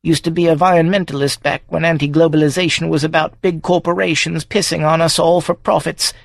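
A woman's voice: low voice, fairly even intonation, fairly quick, gravelly, dry recording, pitched above the performer's own voice. A man voicing a wily, blunt woman smallholder over seventy, with sly, clipped country speech. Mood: shrewd. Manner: sly, clipped rural speech, fond of swearing.

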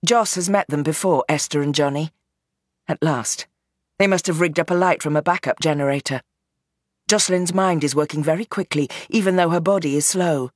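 A woman reading a novel aloud in measured, tense scripted narration. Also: low voice, no room sound, clean studio sound. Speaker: audiobook narrator.

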